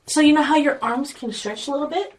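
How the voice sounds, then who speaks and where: A woman playing a tabletop game, gently and patiently explaining things in character. Her voice is a little high, with faint background hiss. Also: fast talker, poor audio. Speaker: player. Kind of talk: tabletop role-play, speaking in character.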